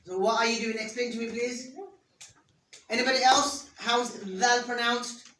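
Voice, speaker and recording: A patient teacher runs an interactive classroom lesson, putting questions to pupils and modelling each sound for them to say back. The voice sits at a middle pitch and is caught from a distance in a roomy classroom. A faint hiss of noise runs underneath. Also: steady tone, moderate pace, sharp tone.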